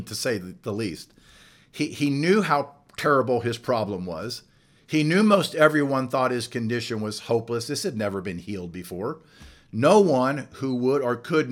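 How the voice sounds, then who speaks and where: A man preaching a sermon, earnest and building emphasis with slow, drawn-out words. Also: medium pitch, fairly bright tone. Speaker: pastor.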